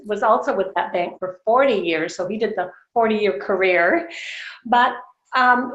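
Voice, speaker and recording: Casting note: woman in her 60s, animated storyteller on a video call, echoey and slightly muffled. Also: medium pitch. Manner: animated, laughs often, acts out quoted dialogue. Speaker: guest.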